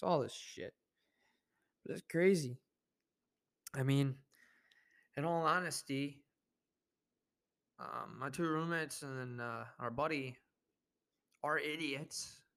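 Young man, podcast host, gravelly voice, rambling, swears a lot, laid-back storytelling. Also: mid-range voice, pushed and bright. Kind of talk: casual storytelling monologue.

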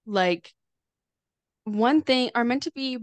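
Chatty woman astrologer, smooth clear voice. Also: on the high side, lively intonation, takes it slowly, no room sound. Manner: chatty, many fillers and restarts. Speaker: astrologer guest. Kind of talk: casual explanatory conversation.

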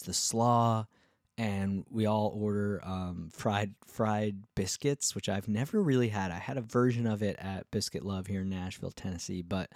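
A touring musician telling a casual story, rambling with frequent restarts and acting out what other people said. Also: male voice, lowish voice, darkish tone, dry recording, clean studio sound. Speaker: touring musician and podcast host.

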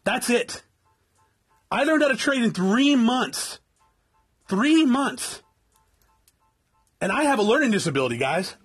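A very high-pitched, husky man in his forties from South Tucson, Arizona, lectures his viewers bluntly and swears constantly. His pitch swings widely as he rants, and faint music plays behind him. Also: very animated, measured pace, long pauses, fairly bright tone. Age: 40s. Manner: addresses viewers as guys. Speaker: vlogger. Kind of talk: profane motivational rant.

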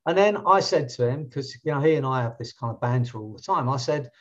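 A man's voice: mid-range voice, lively intonation, quick pace, dull audio. An English man with an English accent, a coach telling stories in casual podcast chat, with many restarts. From England. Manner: storytelling, chatty, many restarts. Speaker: coach and trainer.

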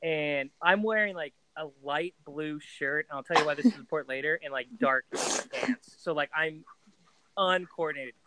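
A man's voice: a little high, normal speed, heavy background noise. A young man co-hosting a casual podcast, telling rambling stories full of fillers. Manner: rambling storyteller, many "like" fillers. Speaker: podcast co-host. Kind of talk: casual chat.

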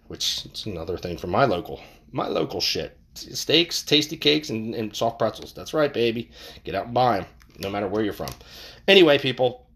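A man hosting a casual podcast monologue, rambling and cursing, jumping from loud bursts to mumbles, recorded on a boom-hung mic in an untreated room. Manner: rambling, profane, swings between loud and mumbled. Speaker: podcast host. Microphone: boom-hung microphone. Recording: slight room echo.

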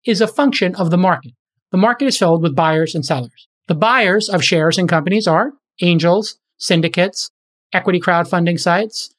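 A speaker giving casual, emphatic advice on startup fundraising and valuations, often acting out example conversations. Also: medium pitch. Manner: brisk and emphatic, acts out example dialogues.

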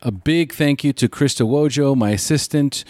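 A man's voice: medium pitch, normal speed, darkish tone, no echo, studio quality. A man hosting a podcast, earnestly thanking his family and listeners. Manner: earnest, grateful. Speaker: podcast host.

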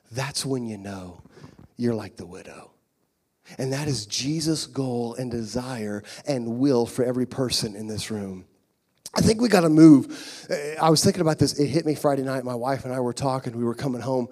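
A middle-aged male pastor preaching a sermon in a church, moving from quiet, intimate passages to loud, fervent shouting. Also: medium pitch, breathy edge. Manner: swings from hushed to shouting with rising fervor. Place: church sanctuary.

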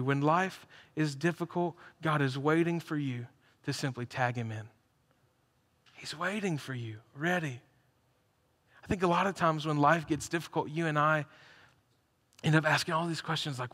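A man preaching a sermon to a live congregation, telling stories with energy and building to loud, emphatic peaks. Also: a little high, normal speed. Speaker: pastor. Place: church hall, live congregation. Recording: reverberant church hall.

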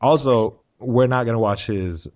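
A man's voice: medium pitch, a little slow, darkish tone, no echo. A man co-hosting a podcast in casual chat, making dry joking asides. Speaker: podcast co-host.

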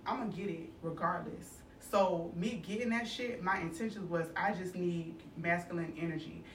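A woman's voice: fairly low pitch, moderate pace, hardly any pauses, distant mic, a little hiss or hum. Woman, blunt and candid, sits a bit off mic in an echoey room, casual panel talk. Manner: blunt, profane, candid storytelling. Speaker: panel guest. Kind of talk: casual group debate.

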